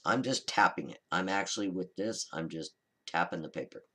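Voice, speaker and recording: A man hosting a card-making tutorial, talking through a coloring demonstration in a relaxed, chatty, reassuring way and often correcting himself mid-sentence. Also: low voice, normal speed. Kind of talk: casual step-by-step crafting demonstration.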